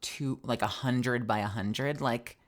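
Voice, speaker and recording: A woman's voice: very deep voice, takes it slowly. A woman streamer chatting casually between game lines, muttering and swearing. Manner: muttering asides, swears a lot. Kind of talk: casual live-stream chat.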